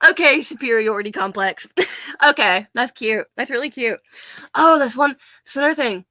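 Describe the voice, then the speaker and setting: A woman's voice: a little high, moderate pace, long pauses, sharp tone, no room sound. An American woman ranting in a casual vlog, blunt, profane and sarcastic, often laughing. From United States. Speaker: vlogger.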